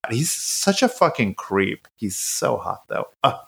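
A man's voice: unhurried, creaky. A man co-hosting a podcast, recapping a show in casual chat, swearing freely and acting out the characters' lines. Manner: animated, profane, acts out quotes in high voices. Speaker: podcast co-host.

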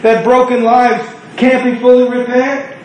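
A man's voice: very high voice, little pitch movement, unhurried, a little mellow, slight background noise. A man preaching a sermon in an earnest, conversational way, stretching out words for emphasis. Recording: echoey room.

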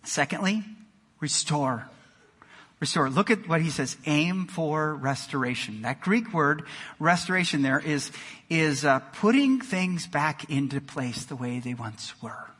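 A male pastor delivering an energetic sermon in a church, moving between loud exclamations and quiet emphasis. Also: fairly high pitch, a little slow. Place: church sanctuary. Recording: long hall reverb.

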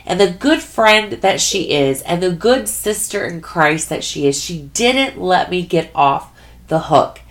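A woman with a low voice shares a personal faith testimony, taking her time over every phrase. She speaks earnestly and gropes for the right words. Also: expressive, measured pace. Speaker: Christian speaker.

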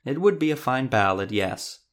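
A man's voice: medium pitch, lively intonation, normal speed, fairly bright tone, close to an everyday voice. A man narrator voicing an earnest, principled male troubadour who speaks in a heartfelt, declaiming way.

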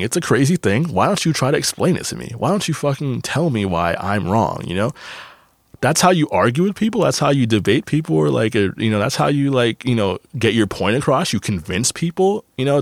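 A man's voice: medium pitch, big pitch swings, brisk, no room sound, clean studio sound. A young man hosting a podcast, talking in a loose, rambling and profane way, full of fillers and restarts. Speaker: podcast host. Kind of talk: casual monologue.

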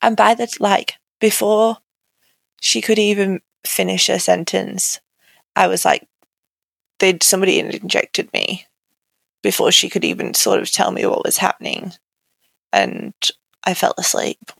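A woman's voice: medium pitch, a little slow, gravelly, pauses often, fairly bright tone, no echo. A young woman as an interview guest, telling her own story candidly and conversationally, with many "like" fillers. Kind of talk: personal account in an interview.

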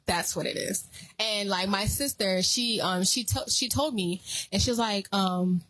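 A woman's voice: mid-range voice, unhurried, dry recording, low-quality recording. A woman hosting a casual faith podcast, telling stories animatedly and talking to listeners as y'all. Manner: animated storyteller, acts out quotes, addresses listeners as y'all. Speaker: podcast host.

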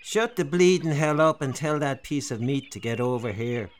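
A man voicing a menacing young skinhead gang leader in a storybook reading, snarling threats in a raised, higher voice. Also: animated, moderate pace, lightly acted.

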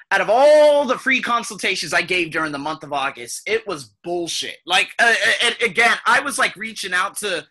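A man hosting an English-learning podcast, telling stories in a rambling, profane and animated way. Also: sits high, slightly rough. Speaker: ESL podcast host. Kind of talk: casual storytelling monologue.

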